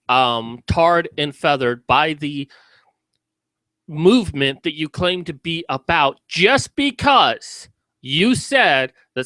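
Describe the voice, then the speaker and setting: A man's voice: a little high, bright, forceful tone, dry recording. A man giving sarcastic, mocking commentary in a video about a news story.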